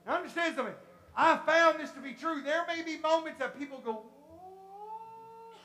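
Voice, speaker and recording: Pentecostal preacher, high voice, fired up, shouts and repeats himself to the church. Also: quick pace, echoey room, faint music behind. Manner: impassioned, rising to shouts; repetitive, acts out congregation voices. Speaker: pastor. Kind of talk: Pentecostal sermon.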